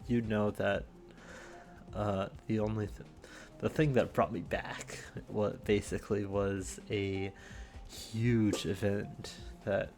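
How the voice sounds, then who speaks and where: A man's voice: fairly low pitch, a little mellow. A young man hosting his own show in a casual solo monologue, rambling and self-deprecating with many restarts, a little out of breath. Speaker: host.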